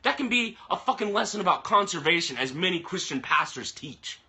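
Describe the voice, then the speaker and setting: Ranting angrily at the camera, a vlogger swears heavily in his frustration. His high voice is sing-song, brisk, bright, and forceful, recorded through a camera mic on a phone or webcam live stream.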